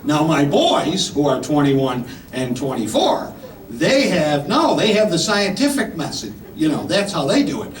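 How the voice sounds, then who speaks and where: A fifty-year-old man telling stand-up jokes in a rambling, punchy way, with a voice a touch higher than most men's. He sounds set back from the mic in an echoey club, with crowd noise and laughs behind him. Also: sing-song, a little slow, distant mic. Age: 50s. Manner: punchy, rambling delivery with frequent "right?" and "man". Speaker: stand-up comedian. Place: comedy club stage. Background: audience laughter.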